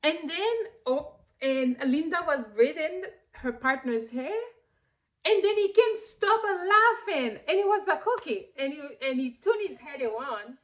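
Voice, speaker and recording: A woman in her thirties whose first language is French, telling a personal story in a lively way, with many fillers and bursts of laughter. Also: sits high, measured pace, lo-fi sound. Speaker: vlogger. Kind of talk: casual storytelling.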